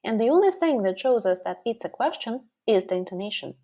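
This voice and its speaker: A woman teaching a language lesson, slowly modeling example sentences and questions. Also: mid-range voice, expressive, mellow. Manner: slow, deliberate modeling of example phrases.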